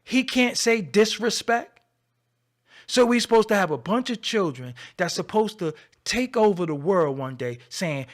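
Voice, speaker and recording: A man hosting his own channel, delivering a scolding, confrontational rant that swings between loud and low. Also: expressive, moderate pace. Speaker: channel host. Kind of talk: ranting commentary to camera.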